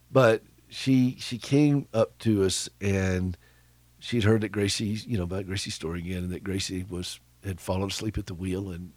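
A middle-aged man hosts a radio talk show, speaking in a fairly low voice. He tells stories conversationally, with a chuckle, and turns to his listeners with questions. The studio sound is dry and close. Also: a little mellow, breathy edge, no room sound. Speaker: radio host.

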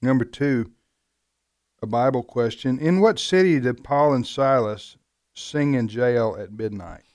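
A man's voice: medium pitch, a little slow, darkish tone, no room sound, studio quality. A man co-hosting a call-in show, joking and mock-serious as he reads trivia questions. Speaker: radio show co-host. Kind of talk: casual chat, trivia questions.

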